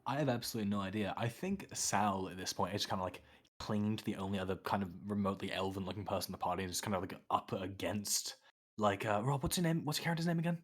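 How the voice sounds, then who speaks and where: A man with a lowish voice talks quickly while playing a tabletop game. His sentences ramble and trip over themselves, with many restarts. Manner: rapid and rambling, stumbles and restarts. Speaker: player. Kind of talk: casual tabletop game chat.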